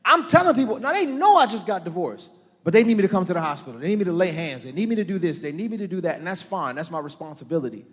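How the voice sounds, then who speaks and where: Middle-aged pastor, high-pitched, preaching with rising fervor, live in a church hall with a long echo. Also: male voice, animated, racing. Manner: preaching with rising shouted intensity, calling on the congregation. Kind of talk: sermon.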